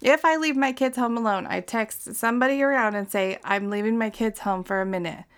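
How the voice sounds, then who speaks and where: A woman's voice: on the high side, fairly quick, smooth. A woman in her thirties from Utah, chatting casually and telling stories with plenty of swearing and laughter. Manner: profane, laughing storyteller. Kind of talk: casual chat.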